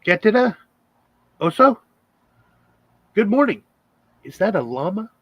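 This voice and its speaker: A man's voice: high-pitched, very animated, unhurried, no echo, muffled recording. A man hosting a casual livestream chat, rambling with lots of fillers. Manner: rambling, chatty with frequent fillers. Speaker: channel host.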